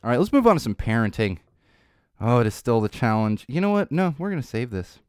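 A man hosts his podcast alone in a casual, unscripted monologue, drifting into tangents as he goes. He sounds tired, but his pitch stays lively and swings up and down. The recording is dry, with no room sound. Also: brisk, clean tone, no echo. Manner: rambling, speaks off the cuff with tangents. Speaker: podcast host.

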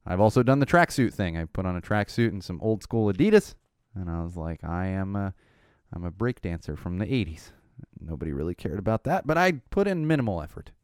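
Lively, slightly hoarse man chatting. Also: fairly low pitch, no echo, studio quality. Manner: rambling, animated, frequent "uh" fillers. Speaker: podcast host. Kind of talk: casual solo chat.

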